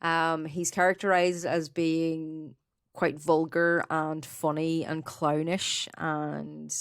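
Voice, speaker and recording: A woman co-hosting a podcast, relaxed as she tells researched material in casual chat with some fillers. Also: low-pitched, slow pace, vocal fry, smooth, dry recording. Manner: relaxed storyteller, reading researched notes with fillers. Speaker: podcast co-host.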